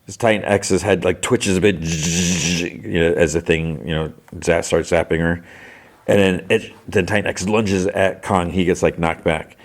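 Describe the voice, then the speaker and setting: A man's voice: low voice, steady tone, a little slow. A male podcast host giving a casual, rambling recap of an episode, filling his talk with "like" and "you know.". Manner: rambling retelling full of "like" and "you know" fillers.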